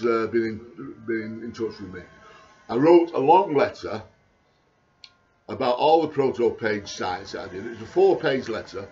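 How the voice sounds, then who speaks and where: A man, talking in a rambling video diary, halting and repetitive with many restarts, sounding anxious and panicky. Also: mid-range voice, highs cut off.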